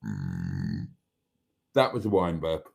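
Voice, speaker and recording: A man's voice: medium pitch, animated, unhurried, a little mellow. Wry man hosting a live chat. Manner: wry, self-mocking asides. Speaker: channel host. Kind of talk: live stream chat, reading viewer comments.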